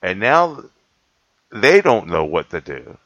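A cat rescuer tells a long story in a casual, rambling way, often correcting himself and laughing between points. His voice is on the low side and fairly bright, slow, with big pitch swings. The dry, lo-fi recording sounds dull and has no room sound.

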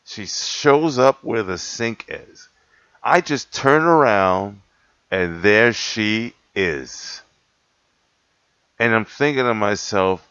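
A man's voice: mid-range voice, animated, slow pace, a bit bright, smooth, no room sound. A man telling a long story in a casual, rambling way, correcting himself often and laughing between points. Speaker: cat rescuer telling a story. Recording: dull lo-fi dry recording.

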